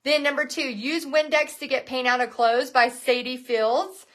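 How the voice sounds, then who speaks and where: A woman hosting a live online painting class, talking in an energetic, chatty way and often restarting her sentences. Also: sits high, moderate pace. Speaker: painting instructor and bootcamp host.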